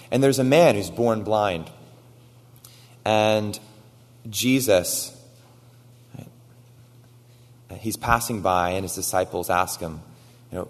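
A man preaching a sermon, retelling stories with animated quoted lines and frequent "right?" asides. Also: fairly low pitch, takes it slowly, long pauses, in a large hall. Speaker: pastor.

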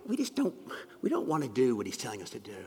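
A man preaching a sermon, moving between soft, hushed asides and loud, emphatic lines. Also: medium pitch, huge pitch swings, fast talker, slight background noise. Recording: long reverb of a large hall.

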